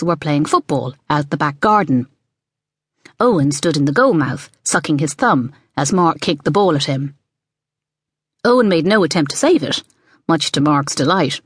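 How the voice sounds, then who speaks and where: Expressive female audiobook narrator; lower voice, dry studio sound. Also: breathy edge, no echo. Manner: expressive storytelling. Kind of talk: scripted narration.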